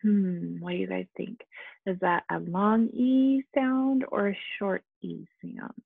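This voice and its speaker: A woman teaching young children at home over video, speaking slowly and patiently and checking in with them often. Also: medium pitch, fairly even intonation, vocal fry, husky, no echo. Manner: slow, patient, coaxing, frequent "okay?". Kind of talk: remote lesson to young children. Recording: dry, phone-like lo-fi sound.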